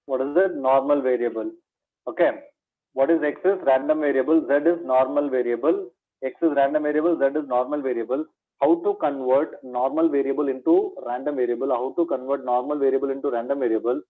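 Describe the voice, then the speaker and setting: A man's voice: medium pitch, fairly even intonation, a little fast. A man giving a maths revision lecture. He repeats each point as a question to his students and calls them "my dear". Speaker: maths teacher. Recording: tinny phone-like lo-fi sound.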